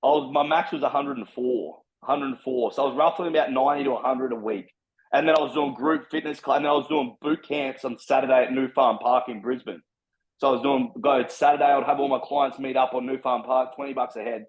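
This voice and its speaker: A young Australian man talking fast and bluntly, swearing freely as he tells his story in a relaxed chat. His voice sits at an average pitch, and the recording sounds a little dull and lo-fi. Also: crowd noise. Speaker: personal trainer guest. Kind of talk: casual podcast storytelling.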